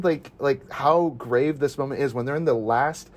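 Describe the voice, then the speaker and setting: A man's voice: mid-range voice, moderate pace. A man chatting casually about a movie, gushing with enthusiasm and filling his talk with "like". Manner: enthusiastic, gushing, heavy use of "like". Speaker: podcast panelist.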